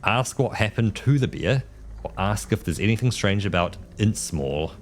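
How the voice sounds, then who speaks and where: Deep-voiced guy reading out a text game on stream, chill, little hiss behind. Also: expressive. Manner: easygoing, reads options then quickly decides. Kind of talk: reading a text adventure aloud on a live stream.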